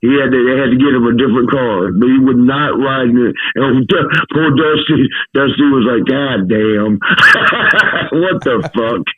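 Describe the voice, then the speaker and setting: A man's voice: mid-range voice, steady tone, measured pace, breathy edge. A Southern-accented man telling stories casually, laughing as he goes. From American South. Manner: laughing, drawling storyteller. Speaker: guest. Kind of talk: casual storytelling. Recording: tinny phone-like line, dry.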